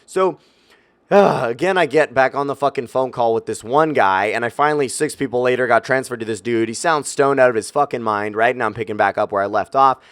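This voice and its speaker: A man's voice: mid-range voice, fairly quick, a bit bright, clean tone, dry recording, studio quality. A young man telling a story in a casual, profane, exasperated rant, talking directly to his viewers. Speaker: YouTube gaming creator.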